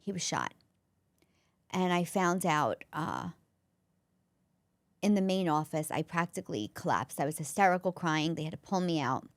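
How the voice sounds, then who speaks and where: A woman's voice: fairly low pitch, lively intonation, moderate pace, pauses often, dry recording. Woman telling a heartfelt story. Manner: earnest, emotional, with frequent restarts. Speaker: comedian and former school counselor, podcast guest.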